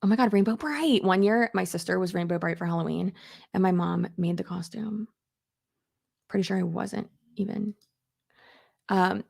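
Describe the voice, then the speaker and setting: A woman's voice: medium pitch, normal speed, gravelly, long pauses, a little mellow. A young adult woman chatting casually on a live stream while doing her makeup, rambling with lots of fillers and answering viewers' comments.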